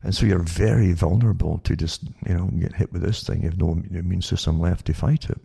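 A man's voice: sits low, steady tone, fairly quick, gravelly, mellow, husky. A man hosting a monologue talk show, rambling with many repeated words and stumbling restarts. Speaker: show host.

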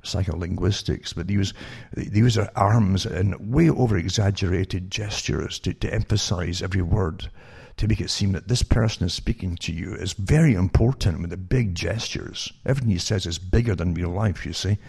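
This online commentator has a low, rough, dark voice and works through news stories at a normal speed, barely pausing. His talk comes in meandering spurts, often cut off and restarted with rhetorical questions aimed at his audience.

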